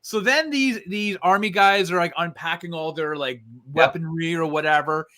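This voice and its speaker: A man's voice: fairly high pitch, normal speed, sharp tone. A man co-hosting a casual review chat, retelling a film's plot in a rambling way full of fillers. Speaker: co-host reviewing a film.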